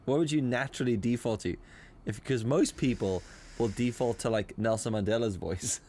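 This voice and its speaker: A young man from South Africa co-hosting a casual podcast, telling animated anecdotes with plenty of swearing. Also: medium pitch, moderate pace, a little hiss or hum. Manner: animated storyteller, swears freely, puts on voices in anecdotes. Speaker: podcast co-host. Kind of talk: casual chat. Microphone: studio microphone.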